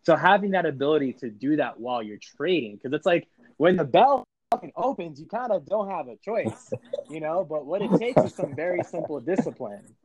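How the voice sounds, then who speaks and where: A man's voice: a little high, lively intonation, a little fast, darkish tone, breathy edge, dry recording, rough recording. A man as a podcast guest, talking in a reflective, motivational, casual way.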